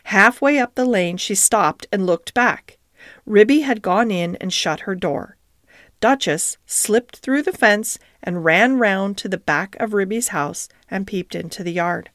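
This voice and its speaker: Woman narrator, children's storybook, gentle and expressive, dry close mic. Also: mid-range voice, no room sound.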